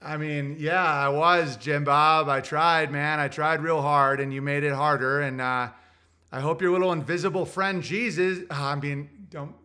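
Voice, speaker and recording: A young man hosts his own livestream, rambling crudely as he thinks out loud and reads viewer messages. His voice sits a little high for a man, with a sharp, bright edge to it. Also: fairly even intonation, unhurried, hardly any pauses. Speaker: livestream host reading super chats. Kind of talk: casual livestream rant.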